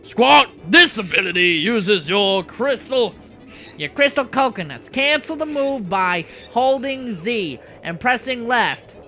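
A squeaky, very nasal male gorilla from a video game blares out his lines, slow and loud, every word stretched out. A man puts this voice on in a bright, sharp tone. He sounds pinched and overblown. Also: animated, soft background music, exaggerated voice. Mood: hammy. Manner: slow, loud, drawn-out reading of game prompts.

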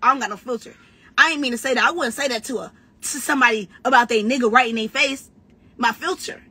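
A woman battle rapper in a brash, profane, trash-talking rant, talking casually and quickly. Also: on the high side, bright, forceful tone, breathy edge. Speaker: battle rapper giving commentary.

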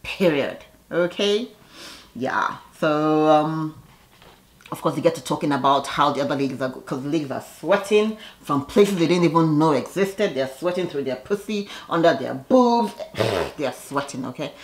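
A woman's voice: low voice, animated, moderate pace. A woman casually recapping a reality show episode in a chatty, gossipy way, laughing often and tossing in sassy asides.

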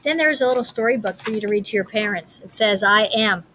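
A woman teacher reading a picture book aloud and then explaining a writing lesson to young children, clear and encouraging. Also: mid-range voice, bright, forceful tone, slight background noise, low-quality recording. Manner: encouraging, speaks slowly and clearly.

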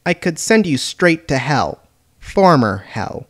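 A man's voice: a little high, sing-song, slow, exaggerated voice. A man voicing a haughty young mistress who runs a railway, scolding and imperious in a slightly raised voice. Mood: stern threatening. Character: haughty little mistress, stern railway controller.

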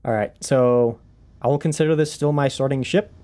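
A man commentates his game stream in an easygoing, chatty way, breaking into laughter and replying to viewers between moves. His voice sits in a mid range with a dark, mellow tone. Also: medium pitch, moderate pace. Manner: chatty, laughs often, answers chat while playing. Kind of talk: casual live-stream commentary.

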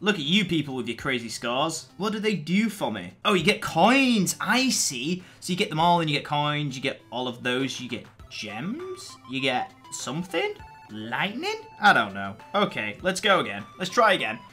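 Excitable young man, bright lively voice. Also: fairly high pitch, faint music behind. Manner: chatty, self-mocking, excitable when rushed. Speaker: gaming channel host. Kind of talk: mobile gameplay commentary.

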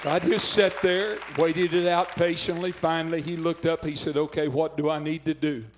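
A man's voice: fairly high pitch, flat delivery, moderate pace, crowd noise, background noise. An older man from Oklahoma, a pastor preaching fervently at a revival and telling a story. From southwestern Oklahoma. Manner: fervent preaching, urging callers to phone in. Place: revival tent.

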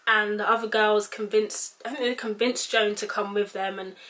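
A young British woman chats to her camera in a loose, rambling way and leans on "like" constantly. Her voice sits in an ordinary middle pitch. She thinks aloud and restarts her sentences as she goes. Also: steady tone, normal speed, fairly bright tone. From United Kingdom. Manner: chatty, rambling, heavy use of "like". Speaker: vlogger. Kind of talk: casual commentary to camera.

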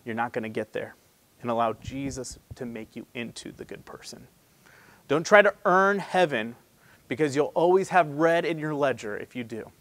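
A man preaching a sermon as pastor, talking to the congregation in a casual, conversational way, punching some phrases loudly and dropping others to a near hush. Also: mid-range voice, lively intonation, moderate pace, no room sound.

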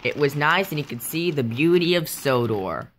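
A woman narrating a homemade toy train story softly, with small restarts. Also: low-pitched, animated, normal speed, a little hiss or hum.

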